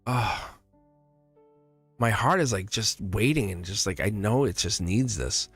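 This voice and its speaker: A man's voice: lowish voice, expressive, a little slow, fairly bright tone, husky, faint music behind. Chatty, reassuring male tarot reader. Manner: chatty, emphatic and reassuring, laughs often between phrases. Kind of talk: casual live-stream tarot reading.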